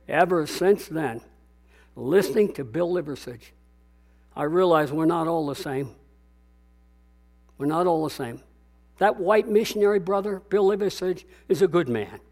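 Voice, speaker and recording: High-voiced older male pastor preaching. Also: darkish tone. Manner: emphatic, repetitive, calls out to the congregation. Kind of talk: sermon.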